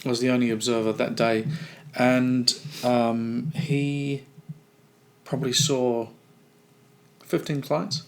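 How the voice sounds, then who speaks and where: A man co-hosting a podcast in casual chat, talking in a halting, stop-start way. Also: medium pitch, flat delivery. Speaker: podcast co-host; clinic supervisor.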